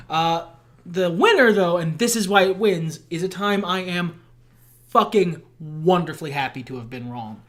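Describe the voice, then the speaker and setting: A man with a high, nasal voice co-hosting a podcast in casual chat, blunt and self-deprecating, swearing freely. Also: normal speed, fairly bright tone. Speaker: podcast co-host.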